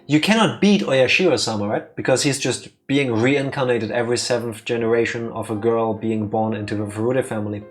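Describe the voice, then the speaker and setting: A man's voice: medium pitch, fairly quick, few pauses, soft background music. A man co-hosting a let's play in casual, playful chat, teasing his partner.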